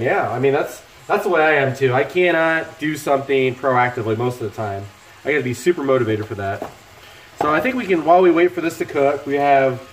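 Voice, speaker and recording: The man's voice sits a little high, and the recording carries a slight hiss or hum. He's middle-aged and hosting a laid-back cooking stream at home, talking and kidding around with viewers while he cooks, in an echoey kitchen filled with laptop music and frying sounds.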